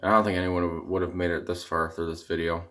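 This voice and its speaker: A man's voice: low voice, flat delivery, brisk, fairly bright tone. A young Canadian man ranting casually to camera in a rambling, dejected, exasperated way, his voice cracking at times. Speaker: vlogger, hockey fan.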